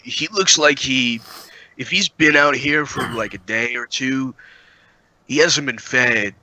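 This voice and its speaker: A man runs a tabletop game as dungeon master, taking his time over each description. His voice is sharp and very bright. The sound is dry and close, with no room around it. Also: mid-range voice, no echo, poor audio. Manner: halting, with frequent "uh" while describing.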